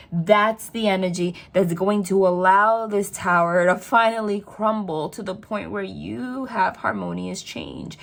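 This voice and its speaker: A woman's voice: mid-range voice, measured pace, gravelly, hardly any pauses. Emphatic woman tarot reader. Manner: emphatic, repeats phrases over and over; chatty and spontaneous, talks straight to the viewer. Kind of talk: tarot reading to camera.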